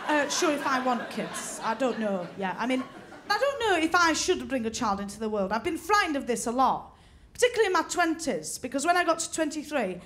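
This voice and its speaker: Deadpan punchlines and fast character voices mark this high-voiced female comedian's stand-up routine. She's performing at a comedy venue, and the stage-mic recording includes the live audience's laughter.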